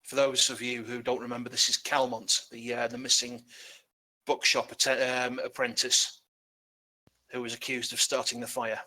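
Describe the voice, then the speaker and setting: A male game master narrating an online tabletop session. His voice is bright and mid-pitched, and his delivery is loose and halting, full of restarts. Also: flat delivery.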